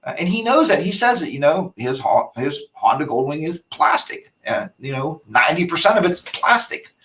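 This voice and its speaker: A man hosting a laid-back live stream, rambling from one tangent to the next and ranting as he answers viewer comments. His voice sits a little on the high side, and he sounds somewhat distant from the microphone. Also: very animated, moderate pace, fairly bright tone. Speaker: host of a motorcycle chat show. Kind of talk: casual live-stream chat.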